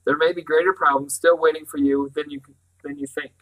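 A man's voice: on the high side, flat delivery, fairly quick, fairly bright tone, close to an everyday voice, low-quality recording. A man reading aloud and voicing a firm, curt old great-uncle professor.

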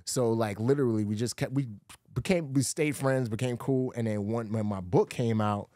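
A man on an interview show telling a long personal story, animated and full of fillers, acting out the voices of other people. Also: medium pitch, normal speed, no echo, clean studio sound. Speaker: guest, former Navy SEAL and actor. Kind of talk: casual storytelling conversation.

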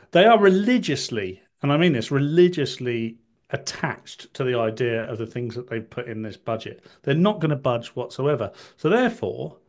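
Wry, hesitant man as a guest. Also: medium pitch. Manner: hesitant, restarts, wry asides. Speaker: podcast guest. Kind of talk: political podcast chat.

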